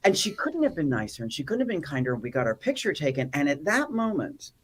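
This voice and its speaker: A woman guest in a casual interview, telling funny stories with animated delivery and acted-out quotes. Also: sits low, fast, breathy edge. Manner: animated, comic storyteller who acts out quotes. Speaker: actor and activist guest.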